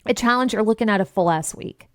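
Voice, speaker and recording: A woman's voice: mid-range voice, quick pace, dry recording, studio quality. A woman hosting a podcast who tells stories with lots of expression, swears freely and acts out conversations in different voices. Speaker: podcast host and business coach. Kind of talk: candid storytelling monologue.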